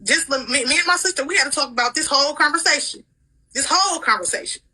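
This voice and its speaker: Give me a defensive woman in a heated livestream argument who repeats the same phrases over and over. Her voice is high and very bright and sharp. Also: quick pace, poor audio. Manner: defensive, repeats herself insistently. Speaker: livestream participant.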